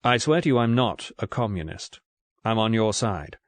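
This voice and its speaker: A man's voice: fairly low pitch, lively intonation, normal speed, no echo, lightly acted. A male audiobook reader voicing an earnest English secret agent, urgent and sincere. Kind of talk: audiobook character voice.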